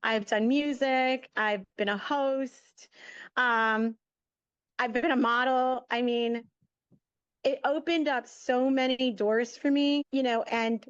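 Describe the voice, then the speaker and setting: The speaker is a middle-aged woman, a media entrepreneur appearing as a guest, whose smooth voice is on the high side. She tells a story in an energetic, chatty way, acting out the lines people said. The recording is dry with the highs cut off.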